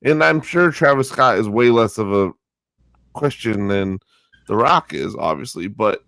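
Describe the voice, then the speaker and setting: A man's voice: on the low side, expressive, a little slow, gravelly, fairly bright tone, no room sound. A man co-hosting a casual wrestling podcast, rambling with many restarts and fillers. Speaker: podcast co-host.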